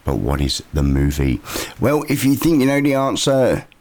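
A man's voice: medium pitch, moderate pace. A man presenting a local morning radio show, chatting casually with lots of "uh" fillers. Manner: relaxed and chatty, with frequent "uh" fillers. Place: radio studio.

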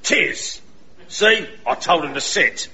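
A man's voice: on the high side, animated, takes it slowly, muffled recording, noisy background. A man playing a chatty local dog walker, chummy and matter-of-fact, in a radio comedy.

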